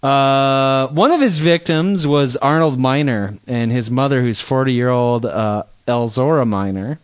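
A man's voice: medium pitch, unhurried, hardly any pauses, clear, resonant tone, no echo. A man co-hosting a podcast, chatting casually and irreverently while recounting news stories with crude jokes. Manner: irreverent, joking, reads out news quotes. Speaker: podcast co-host.

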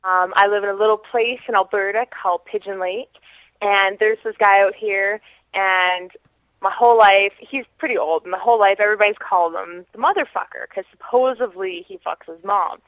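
A woman's voice: mid-range voice, a little fast, no echo. A woman from Canada calling in to a podcast, telling a story in a chatty, casual way. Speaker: caller. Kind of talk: phoned-in story. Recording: dull phone line.

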